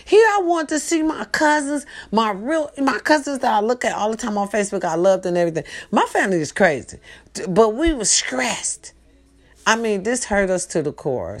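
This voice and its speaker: A woman hosting a casual monologue for a live stream, talking straight to her viewers with loud outbursts and hushed asides. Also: mid-range voice. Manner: tag questions, talks straight to her viewers. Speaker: host.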